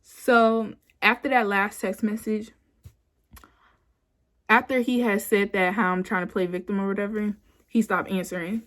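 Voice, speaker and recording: A young woman in her twenties chats through a personal story, rambling and loose, leaning on filler words. Her voice sits at an ordinary middle pitch. It is caught on a phone camera indoors at home. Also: measured pace, pauses often. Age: 20s. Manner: chatty, rambling with frequent "like" and "you know"; animated when quoting herself. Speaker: vlogger. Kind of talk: casual storytime.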